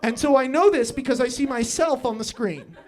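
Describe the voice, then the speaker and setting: A man's voice: very high-pitched, brisk. A young man telling a personal story at a live storytelling show, often laughing through his lines and acting out his own thoughts.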